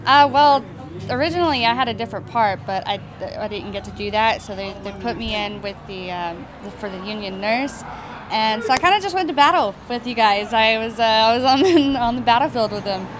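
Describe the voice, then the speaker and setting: A woman with a slightly high voice speaks hesitantly with many fillers. A loud crowd chatters behind her at an outdoor premiere. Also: fairly quick. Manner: hesitant, laughing. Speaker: film extra. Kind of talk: red carpet interview. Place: outdoor premiere red carpet.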